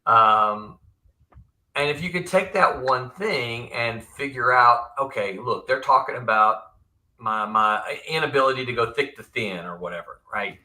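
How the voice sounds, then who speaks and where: Male host, former editor type; very bright, animated storyteller, laughs a lot. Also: medium pitch, a little slow. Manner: animated storyteller, laughs often, many restarts. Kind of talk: casual live-stream chat.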